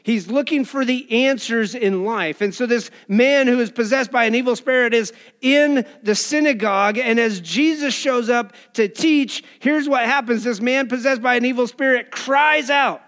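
A man preaching a sermon in a lively, casual way, acting out quoted voices with colloquial asides. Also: very high-pitched, normal speed, few pauses, clean tone. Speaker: pastor.

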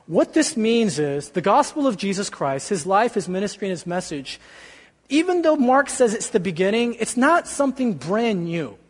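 High-voiced preaching man in a reverberant hall. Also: moderate pace. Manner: lively, conversational, joking asides. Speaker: pastor. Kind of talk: sermon.

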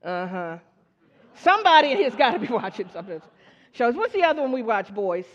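A woman with a sing-song, slightly fast, higher-pitched voice preaches a sermon in a church hall. She uses call-and-response, asking the congregation questions, and acts out her story's characters in quoted voices. The recording is dull and lo-fi, with long hall reverb.

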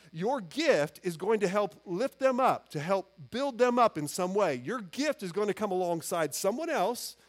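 A man with a notably high-pitched voice delivers a sermon from the pulpit. He preaches earnestly and conversationally, often stopping and restarting his phrases as he works through his point. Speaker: pastor.

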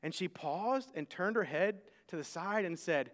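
A man's voice: high voice, animated, unhurried, hardly any pauses, fairly bright tone. A man in his thirties preaching a sermon, conversational, often repeating words as he starts sentences. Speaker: pastor. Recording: long reverb of a large hall.

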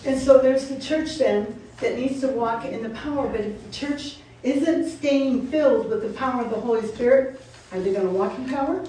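A woman's voice: high voice, normal speed, hardly any pauses, warm tone. A woman preaching a sermon, firing repeated questions at her congregation with laughing asides. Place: church sanctuary. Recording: roomy echo, from far off, faint noise.

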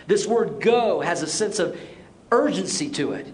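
A middle-aged male pastor preaching a sermon, telling a personal story and slowing down for emphasis. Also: fairly high pitch, animated. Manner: storytelling, acts out quotes, shifts to slow emphatic lines. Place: church auditorium.

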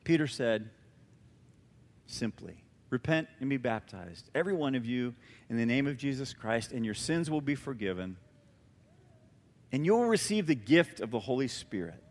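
A man preaching a sermon as pastor, animated and emphatic with a conversational touch, in a church. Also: mid-range voice, normal speed, long pauses, big-room sound. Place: church sanctuary.

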